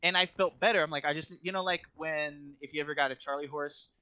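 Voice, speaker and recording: A man's voice: a little high, fairly even intonation, fast, pushed and bright. A young man co-hosting a podcast, telling a story in casual chat, rambling with constant filler words and restarts. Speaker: podcast co-host.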